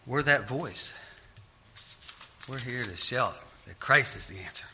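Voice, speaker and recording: A man preaching an informal sermon in a conversational way, getting loud and emphatic when he retells stories. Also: mid-range voice, lively intonation, unhurried, dull audio, slight background noise.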